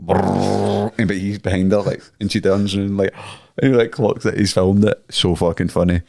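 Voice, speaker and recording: A man's voice: low-pitched, level tone, brisk, dark tone. A man with a Scottish accent, co-hosting a podcast and telling crude, swearing stories. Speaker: podcast co-host. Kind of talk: casual banter.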